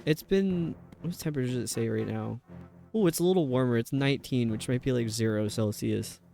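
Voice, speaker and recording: A man's voice: mid-range voice, a little fast, creaky, dark tone, faint music behind. A male streamer chatting casually and rambling while he plays, answering his chat.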